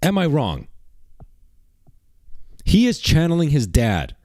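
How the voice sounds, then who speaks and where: A man's voice: a little high, wildly swooping pitch, slow, warm tone, no echo. A man doing mocking livestream reaction commentary, rambling and sarcastic, repeating rhetorical questions.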